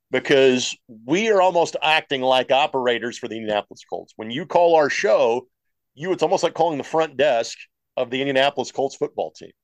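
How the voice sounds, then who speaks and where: A middle-aged man, a play-by-play broadcaster, telling long stories in an interview in a steady, matter-of-fact way. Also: mid-range voice, no room sound, rough recording. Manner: talks at length, steady and matter-of-fact, acts out what he told callers.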